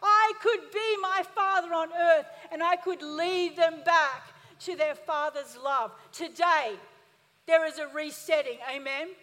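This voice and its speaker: A woman's voice: very high-pitched, measured pace, bright, forceful tone. A woman pastor preaching an emphatic sermon, calling on the congregation to answer back. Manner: emphatic, call-and-response preaching. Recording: reverberant church hall.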